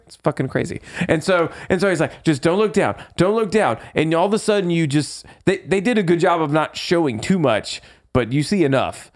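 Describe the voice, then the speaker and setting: A man co-hosting a casual podcast, recapping a movie in animated storytelling and swearing freely. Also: fairly high pitch, brisk. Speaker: podcast co-host.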